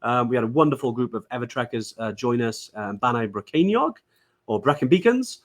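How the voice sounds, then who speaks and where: A man's voice: medium pitch, animated, fairly quick. A man from Wales co-hosting a casual live-stream chat, talking chattily with many fillers and restarts. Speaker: podcast co-host.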